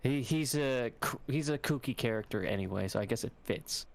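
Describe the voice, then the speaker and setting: A man's voice: mid-range voice, fairly quick, creaky. A young man co-hosting a podcast, talking in a rambling, hesitant way with lots of fillers. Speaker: podcast co-host. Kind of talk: casual chat.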